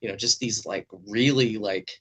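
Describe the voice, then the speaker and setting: A man's voice: on the low side, moderate pace, pushed and bright, breathy edge. A man hosting a casual video-call chat, telling stories animatedly and swearing freely. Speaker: podcast host.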